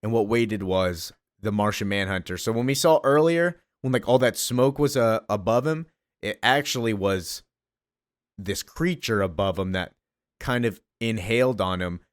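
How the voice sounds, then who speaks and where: A man recapping a comic book in a casual, excited way, gushing about it with lots of fillers. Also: on the low side, normal speed, clean tone, dry recording, studio quality.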